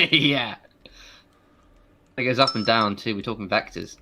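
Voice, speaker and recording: A man co-hosting a game stream, playful and quick with wordplay and asides. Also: medium pitch, pushed and bright, a little hiss or hum. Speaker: co-host and adviser on a game stream. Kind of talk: casual live-stream chat.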